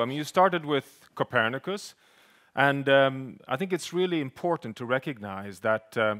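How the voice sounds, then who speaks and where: A man with a Swedish accent speaking at a seminar, earnest and slightly halting, with a joking opening. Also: medium pitch, a bit bright. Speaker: professor and scientist speaking at a seminar. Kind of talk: public talk.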